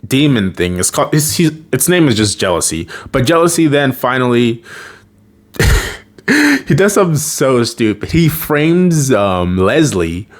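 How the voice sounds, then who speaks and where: A man's voice: medium pitch, big pitch swings, a little slow. A man casually retelling a cartoon episode, laughing often and acting out the characters' lines. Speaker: episode recapper. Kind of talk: casual plot recap.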